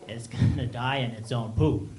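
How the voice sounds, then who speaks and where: A man's voice: medium pitch, fairly even intonation. Hesitant stand-up man in an echoey theater. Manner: halting, many ums and restarts. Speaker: stand-up comedian. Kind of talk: stand-up set. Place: small theater stage. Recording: echoey room, loud background noise. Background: audience laughter.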